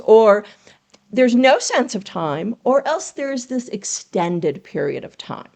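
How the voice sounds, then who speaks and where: A woman guest on a podcast, explaining craft as a writing coach would. She speaks in a fairly high voice, earnest and teacherly, and asks her listeners rhetorical questions as she goes. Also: big pitch swings, takes it slowly, creaky, a little mellow. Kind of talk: explanatory interview talk.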